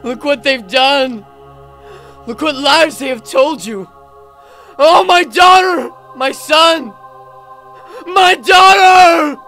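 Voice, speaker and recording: A woman's voice: rumbling low, moderate pace, darkish tone, husky, faint music behind, pitched below the performer's own voice. A woman reading a story, voicing a grieving divine father who wails and cries out in anguish.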